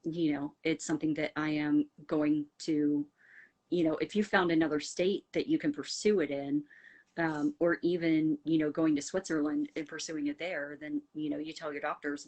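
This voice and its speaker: A middle-aged woman from the United States with a low voice hosts a casual livestream. She rambles warmly and earnestly, leaning on fillers as she responds to viewers' comments. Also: level tone, moderate pace. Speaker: livestream host.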